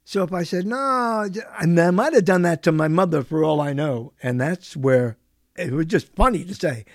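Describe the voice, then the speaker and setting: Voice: medium pitch, normal speed, darkish tone, dry recording, studio quality. A talk show host delivering a rambling live late-night monologue, full of chuckling asides.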